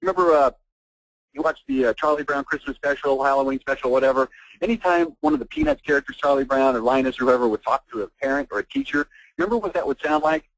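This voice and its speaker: Blunt worked-up guy pitching marketing on a call, gravelly, dry close sound. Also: expressive, fast talker, no echo, low-quality recording. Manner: fired-up, ranting, blunt. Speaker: marketing webinar presenter. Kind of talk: persuasive sales presentation. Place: online call.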